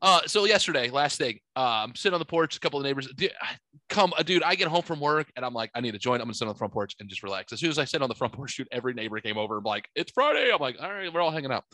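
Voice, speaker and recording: A man in his forties co-hosting a podcast, telling a profane, animated story and acting out the people in it. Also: mid-range voice, racing, no echo. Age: 40s. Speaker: podcast co-host. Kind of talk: casual storytelling chat.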